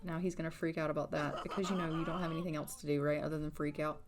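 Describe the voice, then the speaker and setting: A woman's voice: low-pitched, flat delivery, racing, a crowd in the background. A woman recording a casual voiceover for a life-sim game playthrough, chatty and teasingly exasperated. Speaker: gameplay narrator. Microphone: voiceover recorded after gameplay.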